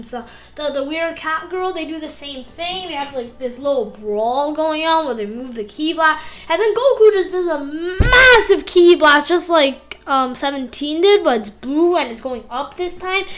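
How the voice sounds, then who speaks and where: A woman reviewing an anime episode in a casual, rambling way. She gets excitable, says "like" a lot and mimics the fight sounds. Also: high-pitched.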